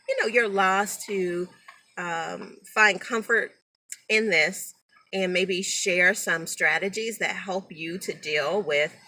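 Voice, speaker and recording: A woman's voice: mid-range voice, bright, forceful tone, slight background noise. A middle-aged woman talking emotionally and rambling to her viewers on a phone live stream. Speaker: natural hair vlogger.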